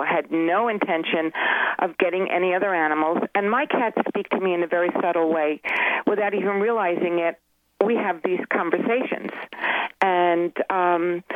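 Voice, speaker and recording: A woman's voice: on the low side, no echo. A woman calling in as a guest animal communicator on a radio interview, telling long earnest stories with many restarts. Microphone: telephone. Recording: tinny phone line.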